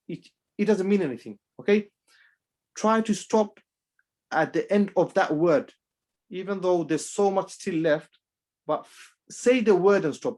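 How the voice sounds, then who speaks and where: A man teaching Quran recitation rules in a class, halting and full of restarts, driving each rule home by repeating it. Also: fairly high pitch, darkish tone. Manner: drills rules through repetition. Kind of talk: online class lesson.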